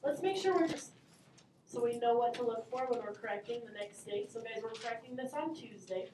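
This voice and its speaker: Expressive and fairly quick, a woman teaches math in a high, bright voice, calling on students with upbeat encouragement. The distant mic catches her echoing through the room, along with faint class murmur and background noise.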